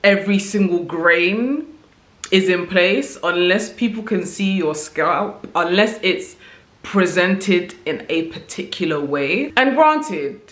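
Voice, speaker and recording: A woman's voice: on the low side, lively intonation, takes it slowly, a bit bright. Reflective woman vlogging in an echoey room. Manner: reflective, conversational, often tags "right?" and "you know". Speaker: vlogger sharing opinions. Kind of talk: casual talk to camera.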